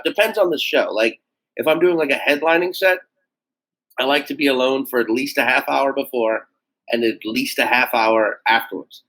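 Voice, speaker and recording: A man in a casual podcast interview, an animated storyteller who swears freely and acts out quoted voices. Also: mid-range voice, poor audio. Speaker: guest comedian.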